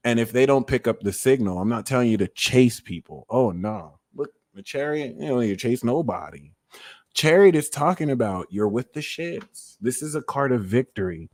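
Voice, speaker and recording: A man hosting a live tarot reading stream, chatting casually and giving shout-outs to viewers. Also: medium pitch, expressive, normal speed, no echo. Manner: shouting out viewers' locations, loose and slangy. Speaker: tarot reader hosting a livestream.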